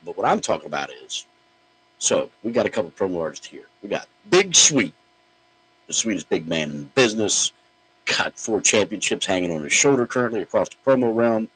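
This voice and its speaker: Blunt, husky deep-voiced man ranting. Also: very animated, fairly quick, a bit bright, rough recording. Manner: blunt, profane, mocking. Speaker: podcast host. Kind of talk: opinionated podcast rant.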